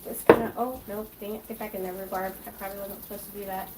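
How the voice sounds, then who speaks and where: A woman with a medium-pitched, fairly even voice talks fast over a noisy background. She's a chatty, scattered mother hosting a casual cooking livestream from her home kitchen, reading viewer comments aloud as she cooks.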